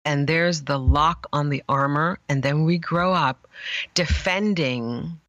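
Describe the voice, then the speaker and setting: A woman image therapist, a guest in an interview, telling stories passionately with emphatic pauses. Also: low voice, a bit bright, no echo, dull audio. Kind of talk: emotional storytelling interview.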